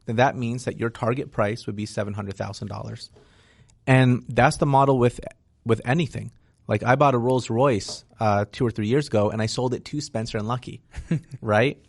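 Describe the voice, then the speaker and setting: A man's voice: medium pitch, normal speed, vocal fry, no room sound. A man speaking as a real estate investor guest in a casual interview, frank and explanatory, often tagging "right?" onto his points.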